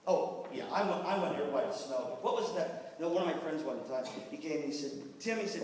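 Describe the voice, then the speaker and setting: A man giving a lively workshop talk to music teachers, telling jokes and doing quick voices for the people in his stories. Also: fairly high pitch, slight background noise. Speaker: workshop presenter on band administration. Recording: echoey hall, voice from far off.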